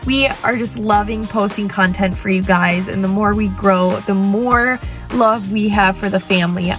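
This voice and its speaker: A woman's voice: medium pitch, steady tone, normal speed, a bit bright. A young woman hosting a vlog, talking to camera in a chatty, eager way. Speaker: vlogger host. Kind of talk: casual talk to camera. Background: background music.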